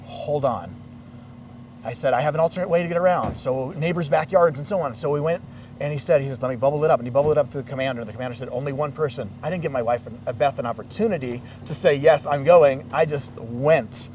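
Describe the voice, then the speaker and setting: Man, mid-pitch, animated storyteller acting out quotes; outdoor interview, distant mic. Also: a little hiss or hum. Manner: animated, acts out quoted dialogue. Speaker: interviewee, local resident. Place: outdoors in a residential neighborhood.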